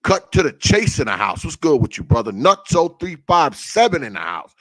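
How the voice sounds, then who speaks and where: A man's voice: a little high, very animated, moderate pace, fairly bright tone, no echo, clean studio sound. A man hosting a casual livestream, greeting viewers by name with a profane, laughing, loose manner. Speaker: livestream host.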